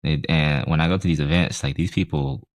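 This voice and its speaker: A man's voice: extremely low pitch, steady tone, fairly quick. A man co-hosting a podcast, chatting in an easygoing, reflective way. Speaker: podcast co-host. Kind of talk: casual podcast chat.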